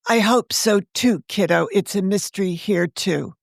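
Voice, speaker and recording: A woman's voice: mid-range voice, unhurried, gravelly, no room sound. A woman voicing a dry, teasing middle-aged father.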